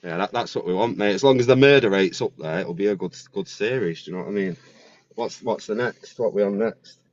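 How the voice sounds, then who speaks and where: A man with a fairly low voice, talking a little fast, hosts a casual podcast chat. He's full of slang, stammered restarts and "mate," and the sound is dull, lo-fi and dry.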